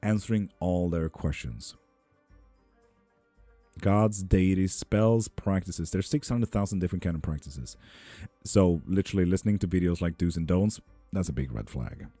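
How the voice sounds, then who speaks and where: A man in his thirties hosts live-streamed tarot readings in a low, warm voice at a moderate pace. With faint music behind him and no room sound, he chats casually and jokes with viewers, reading their comments aloud.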